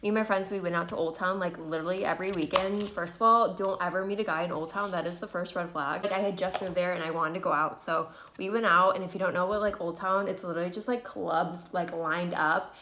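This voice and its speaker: A woman's voice: lowish voice, steady tone, quick pace, few pauses, bright, forceful tone, a little hiss or hum. A woman telling a casual dating anecdote in a chatty way, full of "like".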